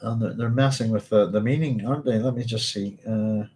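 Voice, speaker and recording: A man's voice: on the low side, steady tone, brisk, mellow, slight background noise, low-quality recording. A man, hosting a book club, reads passages aloud and stops often to check his notes and apologise in a chatty way. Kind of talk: reading aloud with casual commentary.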